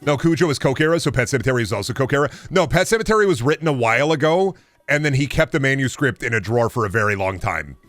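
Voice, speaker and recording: A man's voice: mid-range voice, expressive, quick pace, a bit bright, dry recording, studio quality, soft background music. A man streaming, chatting casually in a rambling, profane, sarcastic way.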